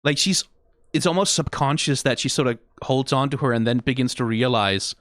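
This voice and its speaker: A male streamer talking through a video in casual, analytical commentary, with a mid-pitched voice. He swears freely and gets excitable and emotional. The sound is dry and close. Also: moderate pace, no echo. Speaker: reaction streamer.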